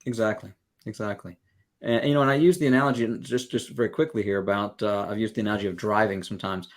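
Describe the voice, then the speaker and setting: Speaking quickly in a lowish, fairly even voice, this Southern American music educator earnestly explains ideas with everyday analogies during a podcast interview. He acts out quoted back-and-forths as he goes.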